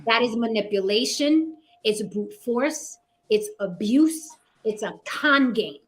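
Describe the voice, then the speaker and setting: A woman hosting a heated panel discussion, emphatic and profane, sometimes mimicking men in a low mocking tone. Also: expressive, takes it slowly. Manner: acts out men's voices in a low mocking tone. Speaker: panel host.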